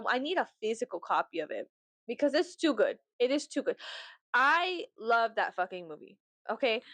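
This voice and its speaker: Animated, swearing woman vlogger. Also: fairly high pitch, dry recording. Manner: animated, laughing, swearing, theatrical outbursts. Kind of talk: casual chat.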